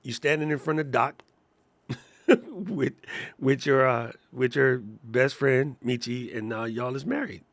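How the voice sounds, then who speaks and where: A man co-hosting a live podcast, talking in an animated, joking way and laughing often. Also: mid-range voice, measured pace, dry recording. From Washington, D.C. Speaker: podcast co-host; teacher.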